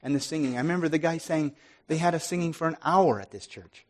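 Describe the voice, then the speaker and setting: A man giving an earnest sermon testimony, restarting often and swinging from loud to soft. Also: on the high side, quick pace.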